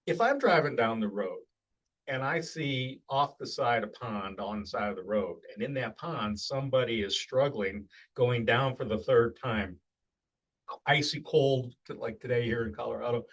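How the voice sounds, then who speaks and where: A man's voice: fairly low pitch, lo-fi sound. A middle-aged man giving a recorded sales training talk in a plainspoken, conversational way, often restarting his sentences.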